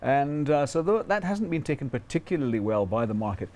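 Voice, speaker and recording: A man appearing as a fund manager guest in a TV interview, answering quickly and hesitantly with many fillers. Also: medium pitch, very animated, a little mellow.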